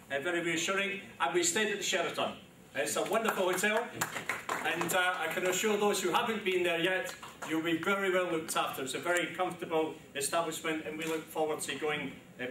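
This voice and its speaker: A man's voice: a little high, pushed and bright, distant mic, slight background noise. London man speaking in an echoey hall. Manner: genial, rambling, with many ums and asides. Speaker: government minister giving a speech. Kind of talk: formal speech at a press launch. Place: large echoey event hall.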